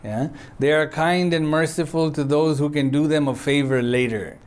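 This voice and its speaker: With a clear, resonant voice pitched a bit high for a man, he tells a story as part of a sermon, keeping things relaxed and chatty. He frequently checks in with the audience by asking "yeah?" and recites short Arabic passages rapidly before unpacking their meaning.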